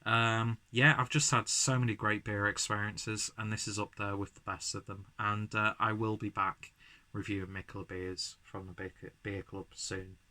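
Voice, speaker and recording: A man's voice: lowish voice, little pitch movement, normal speed, sharp tone. A man reviewing a beer at home in a casual vlog, rambling and self-deprecating, slightly buzzed from drinking. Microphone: camera mic, framed from chest up.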